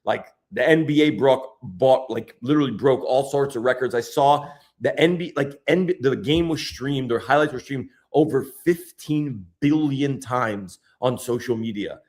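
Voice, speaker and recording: A man hosting a podcast in casual chat, excitable and slangy, tossing "bro" around. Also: mid-range voice, normal speed, few pauses. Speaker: podcast host.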